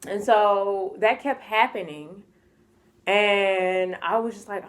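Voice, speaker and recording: A young American woman telling a personal story in a casual vlog, chatty and expressive, often acting out what people said and laughing. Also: mid-range voice, slow. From United States.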